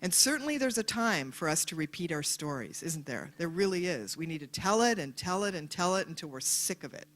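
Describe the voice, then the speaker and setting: In front of a live audience, a woman delivers a motivational talk with a fairly low voice, speaking briskly and rarely pausing. She's a lively storyteller who performs the voices of the people she quotes.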